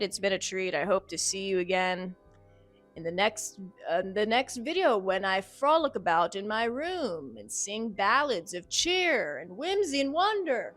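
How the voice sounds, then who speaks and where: A woman's voice: medium pitch, a bit bright. A woman hosting a video, ending it with a rambling, playful and absurd outro full of stammering asides. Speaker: YouTube host.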